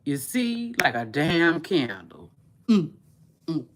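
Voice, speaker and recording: A woman vlogger gossiping casually, circling back on her words with drawn-out asides. She talks slowly in a low voice that rises and falls a lot. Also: big pitch swings, slight background noise. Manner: chatty, repeats herself, drawling asides.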